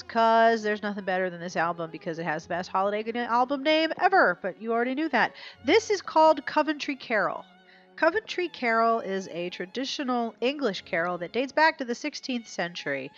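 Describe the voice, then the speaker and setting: A woman's voice: on the high side, muffled recording. A woman hosting a podcast outro, chatty and upbeat, her voice stuffy and snotty after the flu. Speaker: podcast host.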